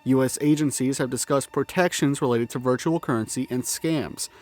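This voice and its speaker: A man mid-rant in a commentary video, swearing constantly and breaking off to laugh at his own tangents. He sounds slightly out of breath from the cold, with a voice of ordinary middle pitch. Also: moderate pace, darkish tone, soft background music. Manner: profane, swears freely, self-interrupting with laughs and asides. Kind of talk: ranting video-essay commentary. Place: outdoors in the cold.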